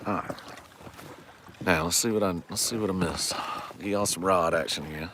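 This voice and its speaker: A man's voice: low-pitched, moderate pace, background noise. A man, chatting and joking with viewers during a fishing livestream from a lake shore. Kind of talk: casual livestream chat. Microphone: phone camera.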